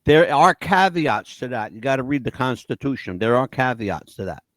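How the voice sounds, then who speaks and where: A man's voice: medium pitch, lively intonation, normal speed, fairly bright tone, dry recording. A man hosting a podcast, talking in an emphatic, profane, opinionated way. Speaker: podcast host. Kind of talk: casual opinionated chat.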